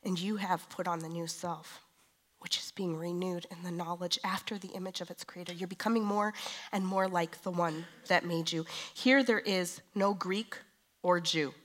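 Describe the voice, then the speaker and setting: A woman in her thirties preaching a sermon in a conversational way, moving from quiet confession to emphatic declaration. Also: lowish voice, flat delivery, moderate pace.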